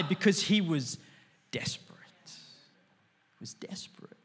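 A pastor in his thirties preaching a sermon to a congregation, chatty and animated with lots of "like" fillers and sudden loud bursts. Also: a little high, breathy edge. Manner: conversational, many "like, as in" fillers, bursts of shouting. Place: church auditorium before a live congregation.

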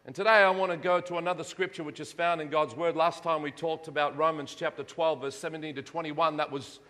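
A man's voice: on the high side, fairly even intonation, bright, forceful tone. A man preaching a sermon, reading scripture aloud and leading the congregation in call-and-response repetition. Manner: reads scripture aloud with emphatic slowed phrases. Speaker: pastor. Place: church hall. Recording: long reverb of a hall.

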